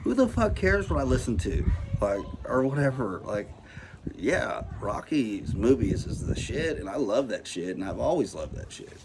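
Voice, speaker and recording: This male vlogger speaks at a moderate pace in a medium pitch, sounding very animated. Ranting casually to camera about anxiety, he's profane and rambling, packing in "like" and "you know" constantly. There's noisy hiss in the background.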